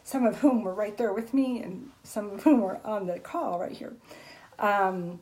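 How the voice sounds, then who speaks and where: A woman's voice: medium pitch, measured pace, darkish tone, poor audio. A woman author guest on a video call, earnestly sharing an emotional personal testimony, tearful at times, with many fillers and restarts.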